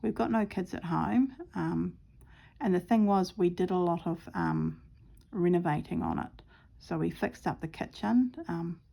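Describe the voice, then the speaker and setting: Chatty middle-aged woman, gravelly edge. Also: on the low side, dark tone. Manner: rambling, chatty storytelling with many ums. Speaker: craft vlogger. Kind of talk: casual chat while stitching.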